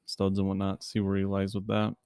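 A man's voice: low voice, monotone, brisk, a little mellow, clear, resonant tone, dry recording, studio quality. A man casually chatting about fantasy football as a podcast co-host, rambling with many fillers and restarts, and he has the hiccups.

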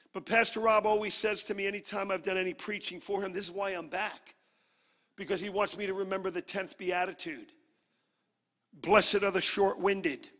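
A man from Brooklyn, New York, preaching a sermon as a guest preacher, energetic and humorous. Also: sits high, in a large hall.

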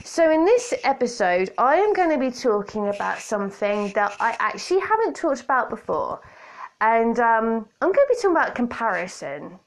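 Chatty woman rambling on her podcast, bit high voice, jokey asides, hands-free kit mic. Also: big pitch swings, moderate pace. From Britain. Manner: chatty, self-mocking, playful asides. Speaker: podcast host. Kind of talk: casual solo podcast chat. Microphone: borrowed hands-free kit headset.

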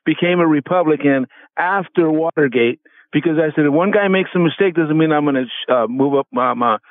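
An older man calling in to a radio show, talking in a rambling, halting way. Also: fairly high pitch, no echo. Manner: rambling, halting, laughs at himself. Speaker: caller. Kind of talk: call-in radio chat. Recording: tinny phone line.

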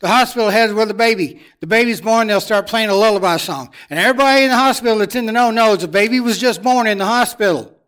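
A man preaching a sermon with emphatic, repetitive phrasing, swinging from loud declarations to hushed asides. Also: high voice, fast, hardly any pauses.

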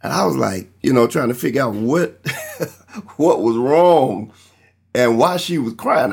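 A man's voice: mid-range voice, expressive, a little slow, gravelly, a little mellow, husky. A man preaching a sermon, earnestly telling a personal testimony and acting out the people in his story. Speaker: pastor.

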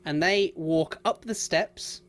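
A game master narrating a tabletop game, pausing often with ums as they describe scenes. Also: mid-range voice, a bit bright. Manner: hesitant, many ums while describing.

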